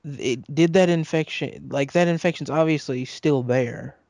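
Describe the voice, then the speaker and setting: A man co-hosting a casual podcast chat, halting and restarting his sentences and laughing often. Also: on the high side, creaky, a little mellow, dry recording. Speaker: podcast co-host.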